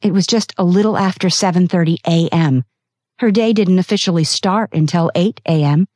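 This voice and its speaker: A woman narrating a novel as an audiobook, reading in a steady, expressive way. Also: fairly low pitch, normal speed, dry recording, clean studio sound. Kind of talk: scripted narration.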